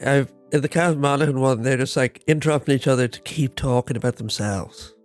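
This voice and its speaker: A man's voice: medium pitch, a little fast, soft background music. A man co-hosting a podcast, laid-back and chiming in during casual chat. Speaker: podcast co-host.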